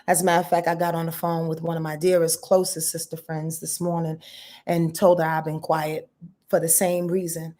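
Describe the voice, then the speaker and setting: With a low, warm voice in a level tone, a woman speaks fairly quickly as she hosts a casual live astrology rundown on her channel. She's blunt, profane and emphatic with her viewers, answering their comments as she goes.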